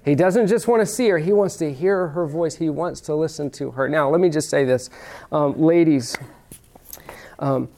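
Conversational preacher, higher-pitched man. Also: darkish tone. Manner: conversational preaching, direct questions to the audience; slows down to stress key phrases. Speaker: pastor. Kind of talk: sermon.

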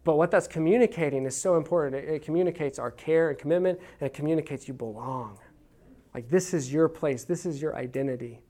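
Fairly high in pitch and mellow, this man talks fast. He's a Texan teaching parenting at church in a heartfelt, folksy manner, often restarting as he spins stories for a conversational lesson.

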